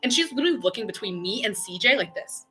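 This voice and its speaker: A young woman streamer chatting away with a bright, forceful voice, full of fillers and acted-out quotes. Faint music plays underneath her casual storytelling. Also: medium pitch, fast talker. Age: young adult. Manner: chatty, excitable, lots of fillers and quoted dialogue.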